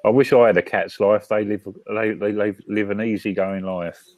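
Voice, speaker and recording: A man with a British accent hosting a casual live-stream chat from his front room, talking in a halting way with restarts and fillers. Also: lowish voice, steady tone, a little mellow, no room sound. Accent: British English. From Britain. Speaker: host.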